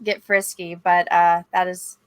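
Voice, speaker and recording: A woman co-hosting a podcast, chatting casually and telling an animated story with excited asides. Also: on the low side, unhurried, no echo. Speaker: podcast co-host. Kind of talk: casual chat.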